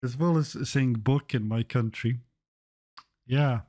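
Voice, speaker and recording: A man's voice: mid-range voice, slow pace, warm tone. A young man streaming his reaction to a video, swearing often with blunt, incredulous asides. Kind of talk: casual reaction commentary.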